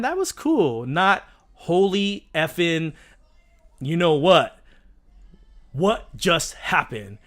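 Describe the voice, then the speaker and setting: Chatting excitedly on a casual live stream, a man in roughly his thirties rambles and keeps restarting his sentences. He speaks in a slightly high voice.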